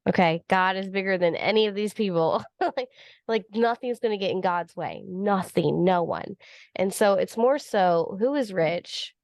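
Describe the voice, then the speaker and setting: A woman's voice: mid-range voice, moderate pace, darkish tone, no room sound. A woman hosting a podcast, speaking earnestly and encouragingly in a casual faith-based chat, with many "like" fillers. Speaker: podcast host.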